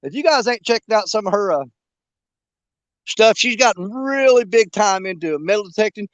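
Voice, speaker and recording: Older fishing host: high, lively voice with a bouncy pitch, joking and rambling with live viewers, laughing often. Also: male voice, normal speed, no echo, muffled recording. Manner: jokey and rambling, laughs a lot. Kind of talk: casual live-stream chat. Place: outdoors at a creek.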